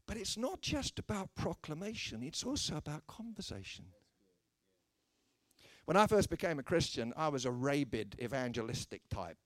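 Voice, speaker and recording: A British man preaching with a bright, swooping voice that climbs and dips as he slips into the voices of people in his stories. His humor is dry and self-mocking. The sound is close and dry, with no room around it. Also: on the high side, lively intonation, moderate pace, dry recording. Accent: British English. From Britain. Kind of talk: humorous sermon with acted anecdotes.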